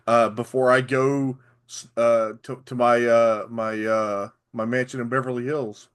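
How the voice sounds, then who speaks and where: Man with a softened South Arkansas accent. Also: medium pitch, flat delivery, a little slow, smooth. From Arkansas, USA. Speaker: podcast co-host. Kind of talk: casual chat.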